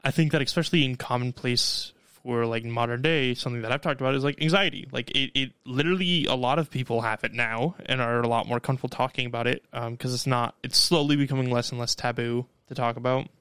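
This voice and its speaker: A man co-hosting a podcast in casual chat, talking in a reflective, measured way. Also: medium pitch, fairly even intonation, a bit bright, clear, resonant tone, no echo. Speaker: podcast co-host.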